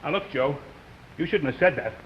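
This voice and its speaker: An actor playing a sheepish, easily led construction worker who talks in slang and stammers when cornered, in a 1950s live television drama. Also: male voice, a little high, expressive, normal speed, husky. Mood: guilty. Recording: dull lo-fi 1950s TV audio with faint hiss.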